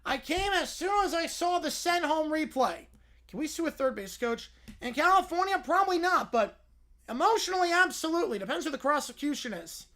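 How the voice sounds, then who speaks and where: Pompous male cartoon lawyer voiced by a woman, high pitch, bouncy intonation, courtroom grandstanding. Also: animated, brisk, a bit bright.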